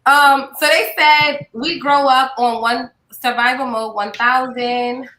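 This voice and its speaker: A woman hosting a podcast in casual chat, animated and blunt, swearing freely and laughing often. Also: sits high, slow, roomy sound, low-quality recording. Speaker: podcast host.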